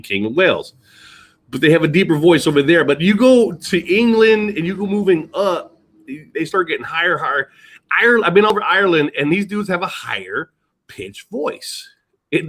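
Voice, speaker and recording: Middle-aged man, high voice, swings all over in pitch, casual rambling chat, swears a lot. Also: a bit bright, slightly rough. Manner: rambling, profane, laughs often. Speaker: podcast co-host.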